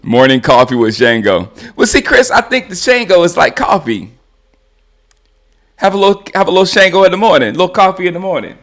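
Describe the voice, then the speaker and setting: Speaking briskly in a high, very animated voice with a fairly bright tone, a man hosts his own live stream and rants casually about football, mocking it, laughing a lot and restarting his sentences.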